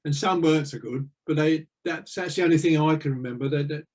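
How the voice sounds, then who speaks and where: A man's voice: a little high, quick pace, darkish tone. An older man, a retired navy veteran, telling rambling anecdotes with lots of fillers in an interview. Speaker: interview guest. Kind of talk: casual storytelling.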